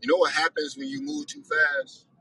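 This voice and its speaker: Animated, husky-voiced man telling a story. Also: very high-pitched, normal speed, rough recording. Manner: profane, exasperated retelling; self-reflective. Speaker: host of a weekly discussion. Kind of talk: casual storytelling monologue.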